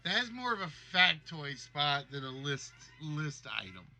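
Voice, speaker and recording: Jokey male livestream game host with a high, very bright voice. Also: very animated, unhurried, vocal fry, soft background music. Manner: jokey, reads guesses aloud. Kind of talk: livestream game show hosting.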